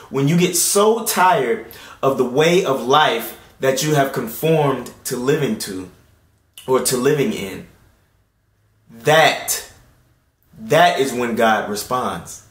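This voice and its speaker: A man in his late twenties giving an earnest personal faith testimony at home. He moves between hushed, tearful passages and loud, excited ones. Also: mid-range voice, roomy sound. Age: late 20s. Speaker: Christian video host. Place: indoor room at home.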